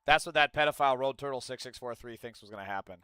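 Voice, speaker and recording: A man's voice: medium pitch, rapid-fire, noisy background. A man streaming heated political commentary, ranting and swearing at his chat. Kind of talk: angry livestream commentary.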